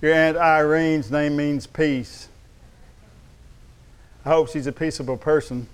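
Clear-voiced male pastor preaching emphatically. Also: a little high, steady tone, slow pace. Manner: emphatic, calls on the congregation to respond. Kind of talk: sermon.

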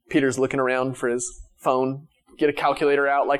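A man's voice: a little high, fairly quick. A male pastor preaching a conversational sermon who retells Bible scenes in casual everyday language.

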